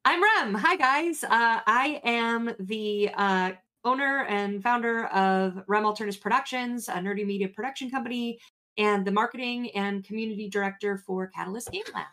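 A woman's voice: medium pitch, normal speed, sharp tone. A woman co-hosting a casual talk show, upbeat and friendly. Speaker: co-host. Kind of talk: casual chat.

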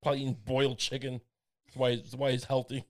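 A man's voice: mid-range voice, completely flat delivery, quick pace. A man co-hosting a podcast in casual chat, rambling and joking with crude asides and frequent restarts. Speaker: podcast co-host.

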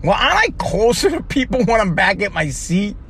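High-voiced man ranting angrily in a car. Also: very animated, brisk, a bit bright, slight background noise. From United States. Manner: aggravated, profane ranting with frequent restarts. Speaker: podcast host. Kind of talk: ranting solo podcast. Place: in a parked car.

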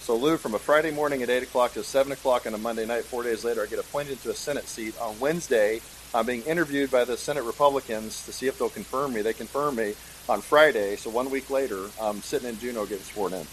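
A middle-aged man telling a story in a casual interview, animated and acting out the voices of people he quotes. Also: mid-range voice, fast, slight background noise, poor audio. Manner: animated, acts out quoted voices, chuckles often. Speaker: guest, state senator.

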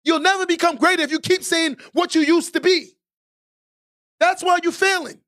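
A man with a strikingly high voice hosts a podcast and preaches motivation at the listener. He hammers his points home by repeating lines and climbs into shouted exhortations. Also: steady tone, normal speed. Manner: emphatic and preachy, repeats key lines for stress. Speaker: podcast host.

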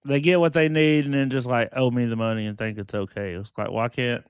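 Man, podcast guest, casual chat, blunt, curses heavily, clear smooth voice, dry recording. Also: mid-range voice, fairly even intonation, a little fast, dry recording. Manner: blunt, heavy cursing.

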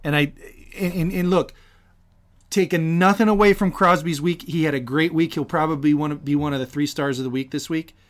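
A man co-hosting a hockey podcast in casual chat, measured and steering the conversation along. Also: on the high side, steady tone. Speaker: podcast co-host.

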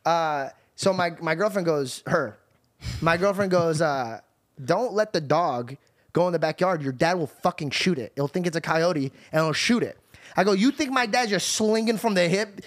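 A man hosting a podcast, hyper and rambling as he tells stories, jumping up in pitch when he quotes people. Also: moderate pace. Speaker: podcast host. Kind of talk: casual chat.

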